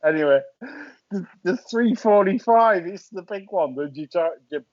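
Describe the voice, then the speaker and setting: A man hosting a casual horse racing chat, talking in quick bursts with frequent restarts. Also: high-pitched, animated, dry recording, muffled recording. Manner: chatty, hesitant restarts, laughs at own jokes. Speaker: podcast host.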